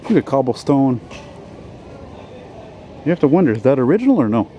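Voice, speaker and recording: A man's voice: medium pitch, sing-song, a little fast, highs cut off, slight background noise. Rambling, sweary man in his forties. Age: 40s. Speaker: vlogger. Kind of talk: rambling walk-and-talk vlog. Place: outdoors on a city street. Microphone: handheld camera while walking.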